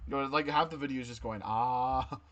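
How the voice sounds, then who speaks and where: A man's voice: mid-range voice, racing, a bit bright, lo-fi sound, slight background noise. A man hosting a loose, rambling improv chat with friends, laughing often. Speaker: host.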